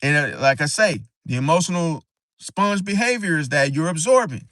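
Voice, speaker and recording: Halting rambling man, dry close sound. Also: on the high side, expressive, a bit bright, no room sound. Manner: rambling, halting, frequent "see?" tag. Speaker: astrology channel host. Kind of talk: casual livestream talk.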